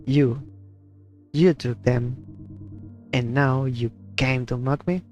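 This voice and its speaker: A man reading game dialogue for a guilt-ridden, grieving village fisherman, in halting, despairing lines. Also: mid-range voice, steady tone, darkish tone, highs cut off, faint music behind, lightly acted. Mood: distrustful.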